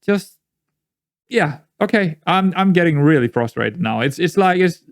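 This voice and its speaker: A man's voice: a little high, animated, unhurried, dry recording, studio quality. A man giving rambling, exasperated commentary while playing a management game, often repeating himself. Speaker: gaming YouTuber. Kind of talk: let's-play commentary.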